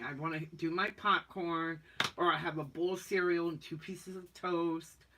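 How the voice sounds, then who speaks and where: A woman with a lowish, pushed and bright voice hosts an easygoing livestream, reading chat comments aloud and chatting folksily. There's a slight hiss or hum in the audio.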